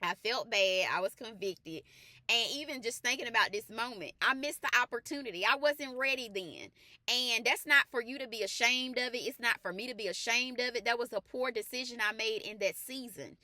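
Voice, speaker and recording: Her testimony starts out animated and colloquial, then this faith life coach moves into earnest preaching, hammering repeated emphatic phrases. She speaks a little fast at a fairly high pitch, in a dry recording.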